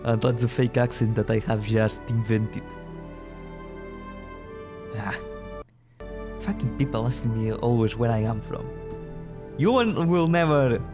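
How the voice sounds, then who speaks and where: A man's voice: medium pitch, gravelly, a little mellow. Chatty young man rambling over gameplay. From small European country. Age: early 20s. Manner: rambling, chatty, with frequent restarts, swearing and laughter. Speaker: gaming channel host. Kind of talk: casual gameplay commentary. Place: at home at his computer.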